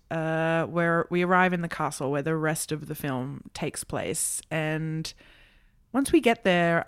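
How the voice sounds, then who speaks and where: A woman chatting casually on a podcast, her voice smooth and resonant. She rambles with fillers and swears freely, recorded close and dry. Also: fairly low pitch, dry recording. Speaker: podcast co-host. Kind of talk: casual chat.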